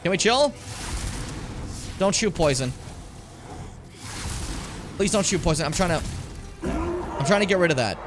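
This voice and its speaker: Animated, cursing young male game streamer. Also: fairly high pitch, moderate pace, pauses often, music in the background. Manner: chatty, swears a lot, talks to chat. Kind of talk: casual gameplay commentary.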